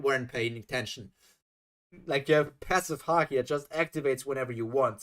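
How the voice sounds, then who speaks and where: Guy reading fanfic out loud on stream, animated, keeps getting exasperated. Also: mid-range voice, fairly quick. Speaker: reaction streamer. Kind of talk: reading a fan story aloud with live reactions.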